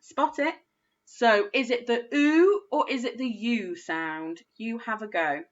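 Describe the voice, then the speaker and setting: A woman teaching a phonics lesson to young children, sounding out words slowly and praising often. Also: on the high side, highs cut off. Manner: slow, sing-song sounding out of words, encouraging. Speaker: primary school phonics teacher.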